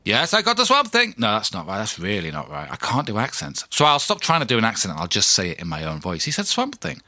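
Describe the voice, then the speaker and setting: A man's voice: fairly low pitch, huge pitch swings, fast talker, sharp tone, no echo. A man hosting a solo podcast, rambling in a chatty, self-deprecating way full of asides and restarts. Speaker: podcast host.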